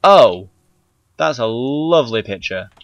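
A man's voice: medium pitch, expressive, slow, a bit bright, no echo. A man commentating a horror game he is playing, easily scared, swearing and yelping often, recorded on a handheld camera mic. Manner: jumpy, scared, swearing, frequent sudden yelps. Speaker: gaming YouTuber.

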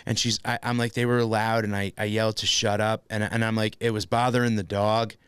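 A man hosting a casual comedy podcast, telling a self-deprecating story with lively energy and acted-out outbursts. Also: lowish voice, fairly quick, clear, resonant tone, no room sound. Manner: animated, self-deprecating storyteller, acts out his own shouts. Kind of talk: casual chat.

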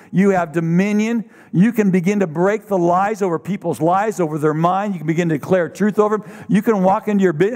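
A man's voice: high-pitched, a little mellow. A man, a pastor, preaching a sermon in a church with emphatic, repetitive declarations. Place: church sanctuary. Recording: long reverb of a church hall.

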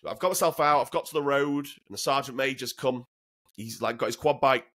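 Speaking fairly quickly in a bright-ish medium pitch, a British former soldier in his 30s tells his stories as a guest. He's blunt, swears freely, and laughs his way through them.

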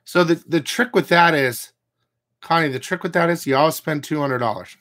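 A man's voice: a little high, normal speed, fairly bright tone. A man hosting a comic book channel, ranting casually to his viewers, blunt and profane, with rambling asides.

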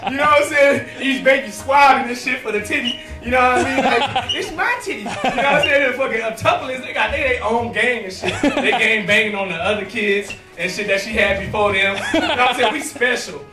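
A man's voice: very high voice, fairly quick, hardly any pauses, roomy sound, far from the mic, over music. A man doing a crude, rambling stand-up comedy set in a small, nearly empty club, laughing at his own jokes.

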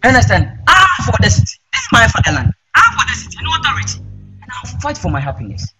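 An actor with a Ghanaian accent playing a man who argues forcefully for his father's land. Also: very high voice, huge pitch swings, rapid-fire, music in the background, full character voice, poor audio. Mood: defiant. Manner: forceful, defiant arguing. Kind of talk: comedy drama acting.

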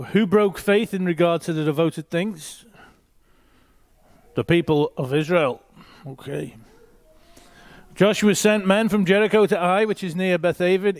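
A man's voice: high voice, no echo. A man reading a Bible passage aloud and teaching, with short asides to his listeners.

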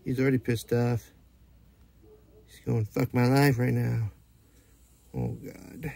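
A man's voice: medium pitch, fairly even intonation, slow pace, gravelly, warm tone, dry recording. A man teasing and playfully scolding his dog in casual chat at home. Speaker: dog owner filming his pets.

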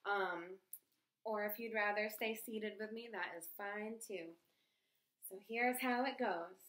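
A woman reading a picture book aloud to children in a gentle, expressive, sing-song way. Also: medium pitch, slow. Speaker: children's storyteller. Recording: echoey room.

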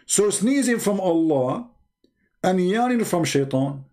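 Male host, high-pitched, sarcastic and incredulous, with non-standard English grammar. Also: expressive, measured pace, mellow. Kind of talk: mocking religious commentary.

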